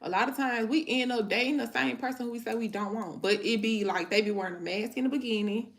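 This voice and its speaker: Woman, live chat host, gravelly fry, candid and slangy, laughs a lot. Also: a little high, quick pace. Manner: candid and frank, slangy, laughs often while talking. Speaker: livestream host chatting with viewers; mother. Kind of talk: casual chat.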